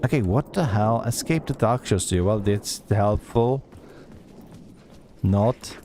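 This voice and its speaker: A man's voice: medium pitch, darkish tone, a little hiss or hum. A man streaming a horror game, chatty and sarcastic, talking back at the game as he plays. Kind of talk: gameplay commentary.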